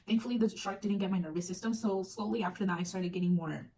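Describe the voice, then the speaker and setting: A woman's voice: medium pitch, fast, warm tone. A young woman casually telling a personal story on her vlog, chatty and full of fillers, acting out moments as she goes. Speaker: vlogger. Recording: distant mic with faint noise.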